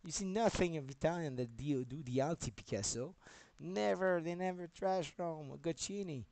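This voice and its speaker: A man's voice: fairly high pitch, lively intonation, moderate pace, dark tone. A man live-streaming, talking in a rambling way, swearing and jumping between topics as he goes.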